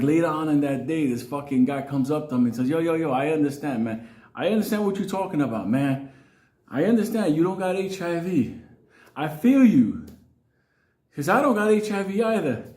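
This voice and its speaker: A man's voice: sits high, darkish tone, roomy sound. A man telling a crude story casually, laughing often and acting out other people's lines. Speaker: storyteller host.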